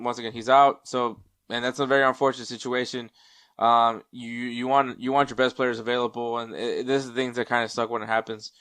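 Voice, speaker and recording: Smooth-voiced man hosting a sports show. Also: mid-range voice, fairly bright tone, no room sound. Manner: rambling, lots of ums and restarts; checks stats mid-show, drifts off mic. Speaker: podcast host. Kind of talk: casual sports talk.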